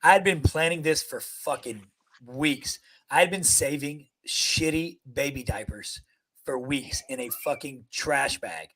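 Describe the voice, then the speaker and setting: A man's voice: fairly high pitch, a little slow, a bit bright. A man, a Navy veteran, telling crude service stories on a casual podcast, swearing constantly. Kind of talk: casual profane storytelling.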